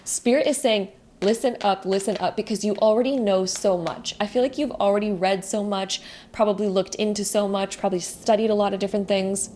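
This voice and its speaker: A young woman giving a casual spiritual tarot card reading, gentle and rambling with many fillers. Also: mid-range voice, fairly even intonation, brisk, hardly any pauses, slight background noise.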